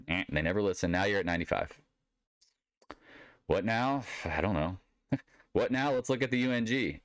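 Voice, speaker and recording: A man's voice: deep voice, dry recording. A man giving a rambling solo market recap in a blunt, sarcastic manner. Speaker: market commentator.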